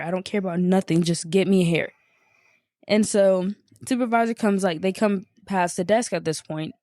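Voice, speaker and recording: Young woman, podcast co-host, lively storytelling, swears a lot, dry close sound. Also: no echo. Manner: animated, swearing, acting out quotes in a higher voice. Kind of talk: casual storytelling chat.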